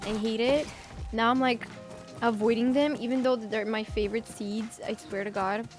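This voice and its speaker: High-voiced Bulgarian streamer woman. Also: fairly even intonation, moderate pace, soft background music. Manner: chatty, teasing, reads chat aloud. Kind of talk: casual gaming livestream chat.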